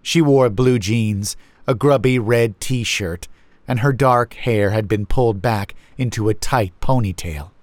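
On a close mic in a dry recording, a man with a mid-range voice narrates a first-person horror story. His delivery is slow, measured, and brooding.

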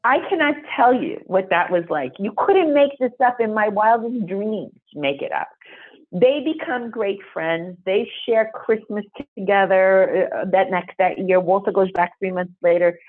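A woman who is a podcast guest, telling a story in an animated, emphatic way. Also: medium pitch, unhurried. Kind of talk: storytelling interview. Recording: phone-like narrow sound.

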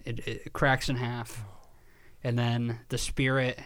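A man in an easygoing podcast chat, his voice sitting at an ordinary middle pitch. He tells his story with heavy emphasis and a fair amount of swearing. He trips over his words and starts his sentences again. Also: little pitch movement, takes it slowly, fairly bright tone, smooth. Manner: repeats words and restarts sentences. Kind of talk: casual chat.

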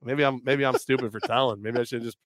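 A man's voice: mid-range voice, steady tone, fast talker, a bit bright, no echo. A man co-hosting a casual sports podcast, joking crudely and rambling through stories. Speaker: podcast co-host.

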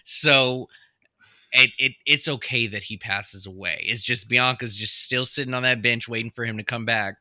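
A man's voice: mid-range voice, fairly even intonation, normal speed, pushed and bright, dry recording, studio quality. A man co-hosting a casual podcast, thoughtfully reasoning through a TV plot. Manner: thoughtful, reasons things out with restarts. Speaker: podcast co-host. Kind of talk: casual chat discussing a TV episode.

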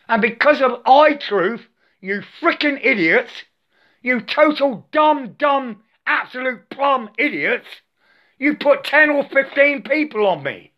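A man's voice: very high-pitched, pushed and bright. An older man delivering an angry, profane, preachy monologue to the camera, repeating himself and saying "I" for "my". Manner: profane, repetitive, preachy, says "I" for "my". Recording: dull lo-fi sound.

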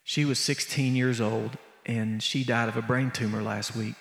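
A man's voice: medium pitch, fairly even intonation, moderate pace. A man preaching in a church, telling a story in a conversational, vivid way. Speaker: preacher and musician. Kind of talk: storytelling sermon. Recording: echoey hall, long reverb.

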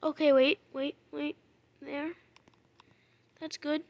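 A woman doing gameplay commentary, muttering to herself and then shouting in frustration, swearing at the game. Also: high-pitched, flat delivery, takes it slowly. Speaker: gamer.

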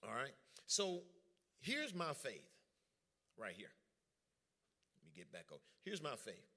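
Man, preacher, lively sermon, call and response, bright voice. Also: mid-range voice, measured pace. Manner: lively, joking, drawls informal speech.

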